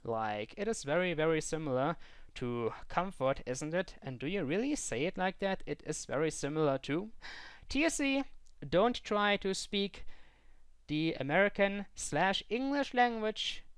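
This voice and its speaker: A woman's voice: on the low side, expressive, unhurried, clean tone, no echo. A woman giving let's play commentary in theatrical, mock-formal phrasing, breaking into frustrated outbursts. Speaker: gaming commentator.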